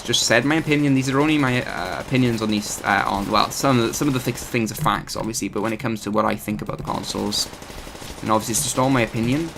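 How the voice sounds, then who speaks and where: A man's voice: on the low side, gravelly, fairly bright tone, slight background noise. A man hosting his gaming channel, giving rambling, chatty live commentary over his gameplay and often correcting himself.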